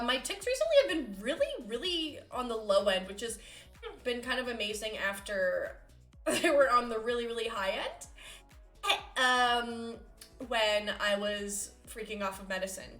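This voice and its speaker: A woman's voice: on the high side, a bit bright. Bubbly, giggly woman streamer. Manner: bubbly, giggly, easily distracted. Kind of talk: casual live-stream chat. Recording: roomy echo with faint music.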